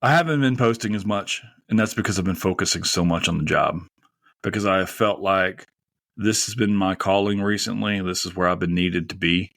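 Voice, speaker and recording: A man's voice: deep voice, a little fast, fairly bright tone, dry recording. A man hosting a podcast in a casual, rambling and heartfelt monologue, close to tears. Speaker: podcast host.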